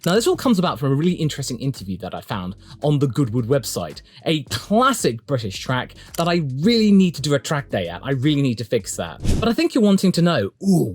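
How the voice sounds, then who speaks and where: Animated man giving chatty commentary. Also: no room sound. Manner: chatty, emphatic, swings pitch for emphasis. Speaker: motorsport YouTube commentator. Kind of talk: opinionated solo commentary.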